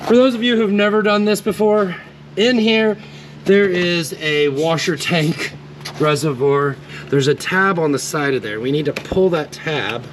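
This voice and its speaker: A laid-back man with a fairly high voice talks through a car repair step by step, cursing casually as he works. He is recorded on a camera mic in a garage. Clear workshop and vehicle noise runs behind him. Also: unhurried, poor audio. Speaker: DIY car repair host. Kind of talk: casual how-to walkthrough.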